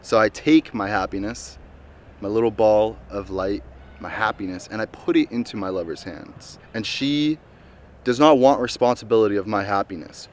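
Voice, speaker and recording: A man telling personal stories in a reflective vlog, earnest, moving between calm musing and bursts of excitement, recorded outdoors in a park. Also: on the low side, moderate pace. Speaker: vlogger. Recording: music playing over the voice.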